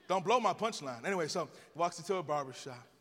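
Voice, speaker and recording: Male preacher, high voice, playful call-and-response, recorded with long church reverb. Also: animated, fast, a bit bright. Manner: playful storytelling. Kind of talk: sermon with jokes.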